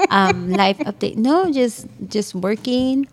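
A woman co-hosting a casual chat podcast, easygoing, giving a laid-back life update. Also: medium pitch. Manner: easygoing, gives short replies and questions. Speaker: podcast co-host.

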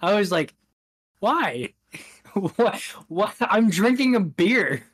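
A man's voice: high voice, very animated, slow pace, slightly rough. A man co-hosting a podcast, telling a rambling anecdote in casual chat, laughing often and acting out what people said. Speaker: podcast co-host.

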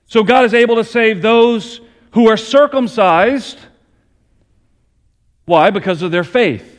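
High-voiced preaching man, slow and emphatic. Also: in a large hall. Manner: earnest preaching with emphatic rising stresses. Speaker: pastor. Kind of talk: sermon.

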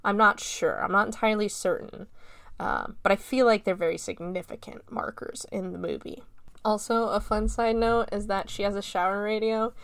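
A woman's voice: mid-range voice, fairly even intonation, moderate pace, gravelly, dry recording. Chatty young woman laughing through a recap. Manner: laughs often, swears, lots of "like" fillers. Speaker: film reviewer. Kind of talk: casual chatty film recap.

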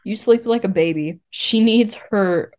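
A young woman co-hosting a casual podcast, chatty and quick to laugh. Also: mid-range voice, a little mellow. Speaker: podcast co-host. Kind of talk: casual chat.

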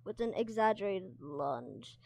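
Woman reading a dragon book out loud, bouncy expressive voice, dry close mic. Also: medium pitch, unhurried, gravelly, dry recording. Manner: expressive, stumbles over words. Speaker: reader and teacher. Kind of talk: reading a novel aloud.

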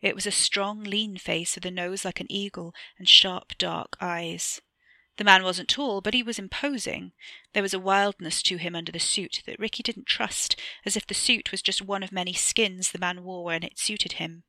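A woman narrating her own short story aloud, measured and even. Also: mid-range voice, no echo. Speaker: author reading her story.

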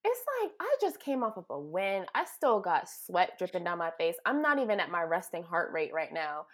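A woman co-hosting a casual sports talk show, speaking with animated, dramatic emphasis. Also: lowish voice, normal speed. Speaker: co-host.

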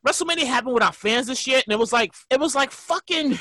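A man hosting a casual podcast, profane and animated, telling stories and laughing often. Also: extremely high pitch, fast, a little hiss or hum. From New York. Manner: storytelling with loud mock reenactments. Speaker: podcast host.

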